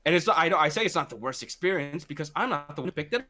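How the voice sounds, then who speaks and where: A man's voice: fairly high pitch, expressive, very fast, bright, forceful tone. A man co-hosting a casual podcast, telling work stories in a rambling way, swearing often and restarting his sentences. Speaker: podcast co-host. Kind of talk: casual chat.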